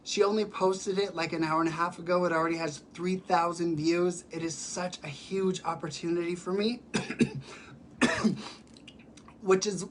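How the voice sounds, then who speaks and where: A man who performs in drag, chatting casually on a live stream while sick, with a raspy voice and many fillers. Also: high voice, fairly even intonation, measured pace, pauses often, a little hiss or hum. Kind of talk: casual livestream chat. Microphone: phone or webcam for a live stream.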